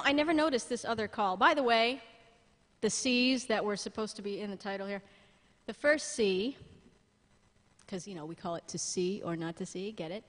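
A woman pastor preaching a sermon in a church, lively and humorous, with asides to the congregation. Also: mid-range voice, long reverb tail. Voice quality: blind, jokes about herself.

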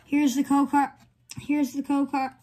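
A woman's voice: sits high, monotone, unhurried, a little mellow. A woman hosting her own channel, giving casual commentary as she reads off items one by one in short phrases. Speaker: channel host. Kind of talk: casual card-opening commentary.

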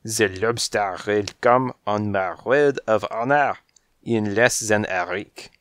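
A man reading an audiobook and voicing a courtly male French cat with a French accent, slow, elegant and persuasive. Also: lowish voice, no room sound, clean studio sound. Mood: smooth, persuasive. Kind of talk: audiobook character voice.

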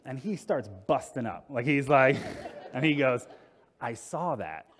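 A man telling a funny personal anecdote in a relaxed, casual way, often laughing and acting out what people said to him. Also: medium pitch, a little slow, long reverb tail. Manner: laughs through the telling, acts out quoted exchanges. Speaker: storyteller in a documentary.

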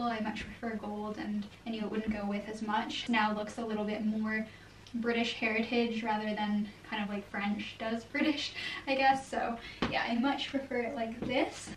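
Trying on clothes at home, a young woman talks casually to camera for her fashion vlog, cheerful, chatty and quick to laugh. She has a voice on the high side, and the distant mic catches some faint background noise.

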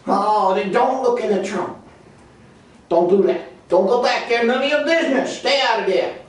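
A man voicing George, a cocky, loudmouthed redneck puppet boxer with a high-pitched, brash drawl. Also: moderate pace, lightly acted. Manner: boastful and insulting. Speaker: ventriloquist's puppet. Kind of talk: ventriloquist comedy act. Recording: echoey hall from far off.

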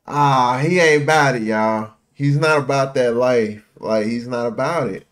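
A man hosting a movie reaction, excitable and full of slang, laughing along. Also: mid-range voice, unhurried. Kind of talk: casual reaction commentary.

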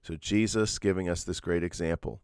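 A man's voice: sits low, steady tone, brisk, clean tone, no echo, studio quality. A man preaching a sermon, earnest and explanatory, often restarting his sentences with fillers. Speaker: pastor.

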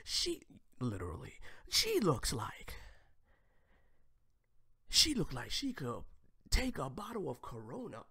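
A man's voice: medium pitch, wildly swooping pitch, moderate pace, sharp tone, slightly rough, no room sound, clean studio sound. A man hosting a live show from home, reacting to a clip with crude, teasing jokes and sudden whispered asides. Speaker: host.

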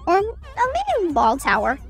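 Young woman gaming streamer, high bright voice, chatty and excitable, with faint game music behind her. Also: unhurried. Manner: chatty, excitable, self-mocking. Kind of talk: casual gameplay commentary.

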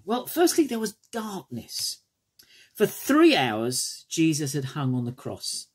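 Man, sermon, husky, very lively intonation, soft phrase endings. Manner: expressive preaching with wide pitch swings, dropping soft at phrase ends. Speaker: preacher.

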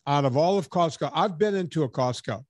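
A middle-aged man hosts a podcast in casual conversation, thinking out loud with restarts and filler words. His voice is a little high and animated, his pace a little fast, and the recording is dry.

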